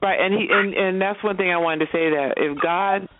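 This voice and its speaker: A woman's voice: on the low side, moderate pace, dry recording. A woman guest on a call-in show, speaking earnestly and fervently and often restarting her sentences. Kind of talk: casual call-in interview. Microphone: phone. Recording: tinny phone line.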